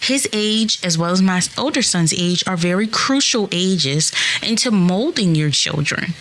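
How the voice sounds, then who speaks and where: A woman's voice: on the low side, lively intonation, a little slow, fairly bright tone. A woman in her thirties hosting a solo podcast, speaking earnestly and reassuringly straight to her listeners. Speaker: podcast host.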